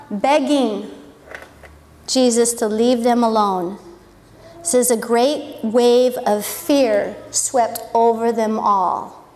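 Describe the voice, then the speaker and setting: A woman's voice: on the high side, darkish tone, long reverb tail. A woman teaching a Bible story as a sermon, telling it with animation and acting out what the people said.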